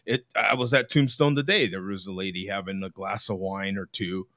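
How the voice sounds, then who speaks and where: A man from the United States hosting a casual video-call chat, talkative, laughing often and reading aloud in a halting way. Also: low-pitched, steady tone, a bit bright, no echo. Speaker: host.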